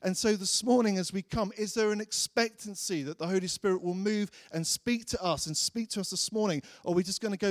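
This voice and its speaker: A man's voice: high-pitched, brisk, few pauses, no echo, clean studio sound. A man preaching a sermon, telling a personal story in a chatty way and acting out his own thoughts.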